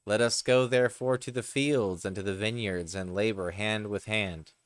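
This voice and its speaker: A man's voice: on the low side, fairly even intonation, moderate pace, smooth, close to an everyday voice. A man reading aloud the solemn, earnest speech of a king giving up his crown.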